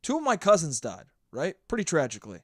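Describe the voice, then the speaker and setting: A man's voice: a little high, huge pitch swings, fast, fairly bright tone, no room sound, studio quality. A young man hosting a solo podcast, telling stories in a blunt, profane rant. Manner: blunt, profane, ranting storyteller. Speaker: podcast host.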